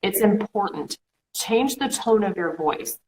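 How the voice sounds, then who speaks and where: A woman's voice: medium pitch, expressive, unhurried, a little mellow, slight background noise, low-quality recording. A woman in her thirties co-hosting a casual coaching chat, talking through examples with lots of "okay" and "you know". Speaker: co-host.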